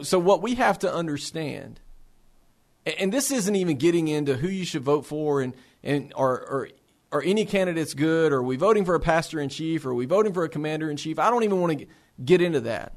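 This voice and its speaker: For a faith-based resource center, a man speaks earnestly and passionately to fellow believers, with a fairly high pitch. He poses rhetorical questions and often repeats words as he begins a phrase.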